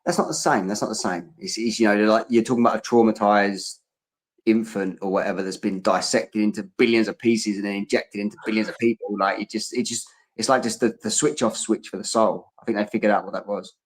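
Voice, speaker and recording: Fast rambling low-voiced man. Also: fairly even intonation, low-quality recording. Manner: rambling, fast, many restarts. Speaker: podcast co-host. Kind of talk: casual chat.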